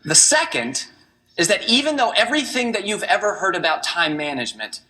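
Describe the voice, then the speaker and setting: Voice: medium pitch, very animated, brisk, bright, forceful tone, slight background noise. A speaker giving a motivational stage talk, opening with rhetorical questions and telling personal stories.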